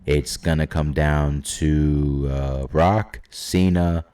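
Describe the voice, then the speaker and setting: A man with a very low, deep voice thinks out loud in a loose, rambling way. He hesitates often and fills the gaps with ums and uhs. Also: steady tone, takes it slowly, clear, resonant tone. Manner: rambling, hesitant with many fillers. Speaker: YouTube wrestling predictor. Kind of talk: casual solo prediction talk.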